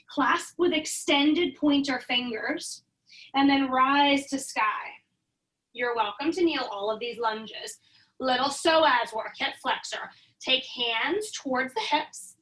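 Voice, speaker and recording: A woman yoga instructor calmly cueing poses and breaths in an encouraging way, recorded in her home basement. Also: high-pitched, recorded from a distance, poor audio. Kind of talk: guided yoga class instruction.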